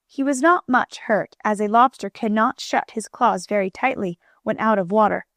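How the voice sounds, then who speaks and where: A woman reading a children's storybook aloud as an audiobook narrator, in a gentle, clear manner, lightly voicing the characters. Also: medium pitch, normal speed, dry recording, studio quality.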